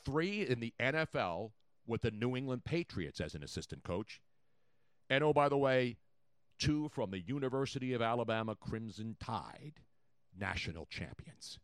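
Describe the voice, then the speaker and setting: A man hosting a sports talk show, excitable and chatty, repeating his points for effect. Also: moderate pace, smooth, no echo, clean studio sound. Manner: excitable, repeats points, jumps in pitch and volume. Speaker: sports radio host.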